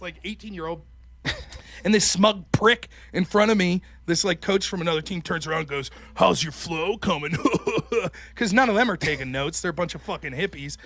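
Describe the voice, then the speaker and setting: High bright-voiced man, profane storyteller. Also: fairly quick. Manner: profane, animated, mocking voices when quoting people. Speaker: podcast host. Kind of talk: casual chat, storytelling.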